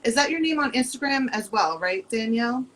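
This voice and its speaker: A woman's voice: a little high, expressive, brisk, a bit bright, slight background noise, rough recording. A woman hosting a live online show, introducing her guest in a bubbly, friendly way. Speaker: host. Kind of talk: casual live-stream talk.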